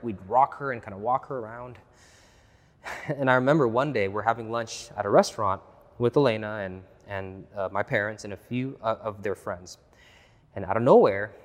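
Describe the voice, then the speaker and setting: Earnest preacher man in a reverberant hall. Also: mid-range voice. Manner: earnest, repeats key phrases, swings from hushed to loud. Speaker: pastor. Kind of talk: sermon. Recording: long reverb of a large hall.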